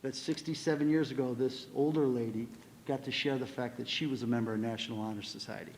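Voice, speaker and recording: A man's voice: mid-range voice, fairly even intonation, quick pace, a little mellow, slight background noise. An older man, a school administrator, giving a ceremony speech to honor students in a large hall, telling a family story.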